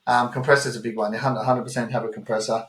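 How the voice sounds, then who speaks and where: A man with an Australian accent co-hosting a podcast, telling animated travel stories in casual chat and swearing freely. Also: medium pitch, quick pace. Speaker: podcast co-host. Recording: roomy echo.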